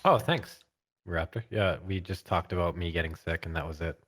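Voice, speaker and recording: Deep-voiced laid-back male commentator. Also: moderate pace, fairly bright tone, slightly rough. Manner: laid-back, teasing, asks co-hosts questions. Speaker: guest commentator. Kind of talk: casual live game commentary.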